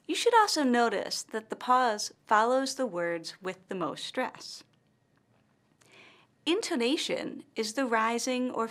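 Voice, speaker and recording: A woman with an American accent, an English instructor giving a scripted lesson in a slow, deliberate, carefully articulated way. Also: medium pitch, a bit bright. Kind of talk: scripted teaching narration.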